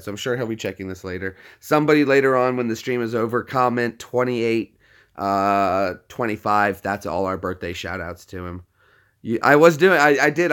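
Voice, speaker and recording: A man's voice: mid-range voice, a bit bright. A man hosting a casual livestream from his phone, rambling and often restarting his sentences. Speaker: livestream host.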